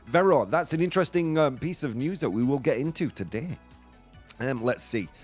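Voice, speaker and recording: Playful male host with lively pitch. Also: moderate pace, soft background music. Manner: playful, joking, drops in Spanish phrases. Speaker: radio show host. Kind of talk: casual live morning show chat.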